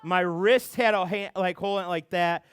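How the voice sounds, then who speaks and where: A young man speaking as a youth pastor, telling a funny story to a group with lots of fillers and quick restarts. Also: high voice, smooth, no room sound. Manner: animated storytelling with many fillers.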